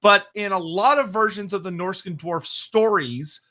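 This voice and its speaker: A man with a high, bright voice chats casually on a livestream, taking questions from the chat. He talks fast and often stops to correct himself, laughing between answers. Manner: quick, digressive, laughing, self-correcting.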